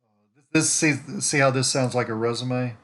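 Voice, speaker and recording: A medium-pitched, slightly bright male voice at normal speed narrates a screen share from home in winter. He's a network marketer browsing profiles on a social site, musing aloud, restarting sentences and wandering into asides.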